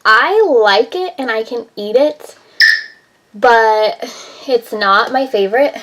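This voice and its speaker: A woman's voice: on the high side, slow pace, noisy background. A woman vlogger chatting casually in her home kitchen, rambling with lots of "like" and "um". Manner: chatty, rambling, heavy use of "like" and "um". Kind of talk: casual vlog chat.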